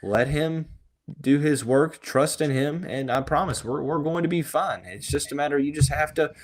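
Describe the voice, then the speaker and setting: A man hosting a sports podcast, talking in a relaxed, reassuring way with many fillers. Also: fairly high pitch, moderate pace. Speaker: podcast host. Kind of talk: casual sports talk.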